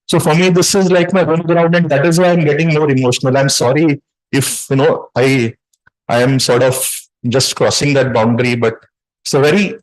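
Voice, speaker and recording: A man giving an emotional speech at a community event, earnest and halting, with many fillers and restarts. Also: medium pitch, fairly even intonation, rough recording. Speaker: guest speaker.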